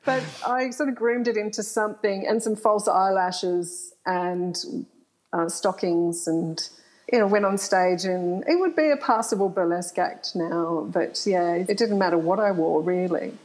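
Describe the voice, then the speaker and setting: A woman's voice: medium pitch, unhurried, a little mellow, low-quality recording. A middle-aged woman, a guest telling frank stories in an interview and laughing often. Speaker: guest, author. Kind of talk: candid storytelling interview.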